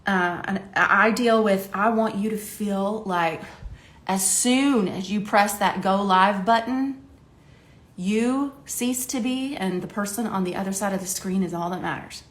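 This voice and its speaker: A middle-aged woman from Ohio, a makeup coach chatting to camera while doing her makeup, talkative and quick to laugh. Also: mid-range voice. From Ohio, USA. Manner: chatty, laughing, lively quoted voices. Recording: echoey room.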